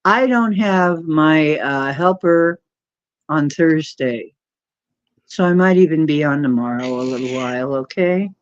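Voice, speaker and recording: Hosting a laid-back late-night livestream, a woman rambles along, laughing a lot and mocking things. Her voice is low and a little slow, and the dull lo-fi stream audio has no echo.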